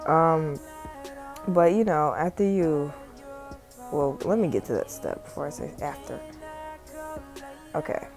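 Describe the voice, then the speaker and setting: A young woman with a Southern accent and a notably deep voice talks through a phone tutorial. Her delivery is loose, rambling and full of cursing, recorded on a phone mic with faint music underneath. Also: animated, a little slow, long pauses. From South Carolina. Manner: rambling, profane, chatty. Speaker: tutorial vlogger and music artist. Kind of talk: casual screen-recording voiceover. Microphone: phone microphone.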